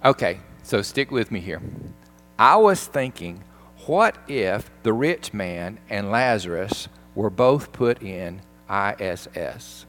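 Man preaching with animated storytelling. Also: fairly low pitch, slow, soft background music. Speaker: pastor. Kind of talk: sermon.

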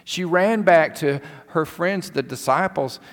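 A man's voice: fairly high pitch, a little slow. A male pastor preaching a sermon in a church, retelling a story with emphatic repetition. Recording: long hall reverb.

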